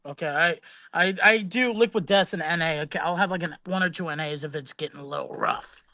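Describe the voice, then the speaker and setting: A man's voice: a little high, brisk, bright, forceful tone, no room sound. A young man telling rambling comic stories on a radio show, acting out voices along the way. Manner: rambling comic storyteller, acts out voices in his anecdotes. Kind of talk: casual storytelling.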